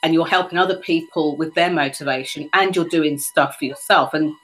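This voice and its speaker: A woman's voice: sits low, fairly quick, a bit bright, rough recording. Reflective woman hosting a podcast. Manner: reflective, storytelling. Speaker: podcast host. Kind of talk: conversational interview.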